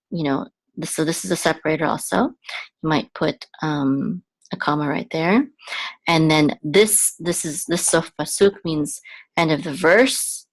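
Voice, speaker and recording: A woman teaching how to read and chant scripture, explaining patiently with pauses and restarts. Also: fairly low pitch. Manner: patient, hesitant, with fillers and restarts while pointing at text. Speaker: Biblical Hebrew teacher. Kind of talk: explanatory lesson with chanted examples.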